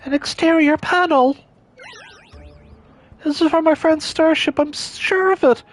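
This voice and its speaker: A man doing a gushing, theatrical gentleman inspector. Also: very high-pitched, unhurried, faint music behind. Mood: thrilled. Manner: exclamatory, grandly indignant.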